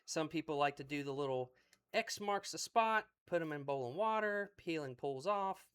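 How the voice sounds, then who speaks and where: An excited man from West Virginia with an Appalachian accent, chatting folksily on a cooking livestream. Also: on the high side, moderate pace, clear, resonant tone. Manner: folksy and exuberant, repeats phrases.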